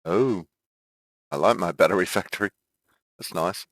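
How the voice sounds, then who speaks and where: A man's voice: low voice, normal speed, a bit bright, no room sound, studio quality. A man streaming a game, chatting casually, thinking aloud and laughing often. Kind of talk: casual gameplay chat.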